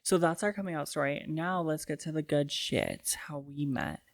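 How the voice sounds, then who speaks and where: Gravelly young woman with dry quips. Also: low voice, moderate pace, dry recording. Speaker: podcast co-host. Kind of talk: casual chat.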